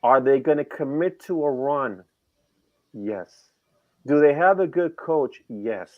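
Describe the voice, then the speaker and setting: A man's voice: mid-range voice, slow, phone-quality sound. A middle-aged man co-hosting a sports betting show, talking casually and animatedly, rambling and firing off rhetorical questions.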